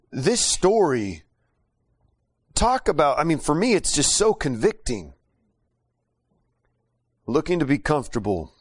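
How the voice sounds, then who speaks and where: A man preaching a sermon and telling a mission story, animated and prone to restarts. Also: mid-range voice. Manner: animated, acts out quotes, many restarts and fillers.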